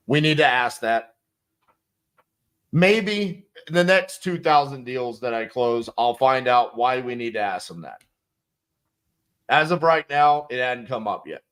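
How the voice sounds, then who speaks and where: His voice is medium in pitch, clean and fairly bright. Giving instructional commentary on a sales script, the coach is blunt and emphatic, uses some profanity, and plays both caller and callee.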